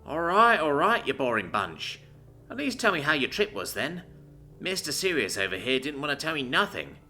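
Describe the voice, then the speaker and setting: A man's voice: fairly high pitch, big pitch swings, moderate pace, pushed and bright, faint music behind, voice pushed up, exaggerated voice. A man voicing a sultry, teasing female reptilian mechanic.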